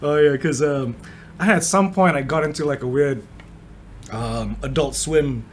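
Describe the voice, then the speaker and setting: A man's voice: a little high, normal speed, a little hiss or hum. A man co-hosting a podcast in a casual chat, laid-back, swearing and laughing often. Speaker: podcast co-host.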